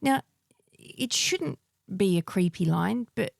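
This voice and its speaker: A woman's voice: medium pitch, expressive, measured pace, creaky, no echo. A woman co-hosting a podcast, asking the questions and giving dry, blunt opinions on a bad movie in casual chat. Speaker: podcast co-host.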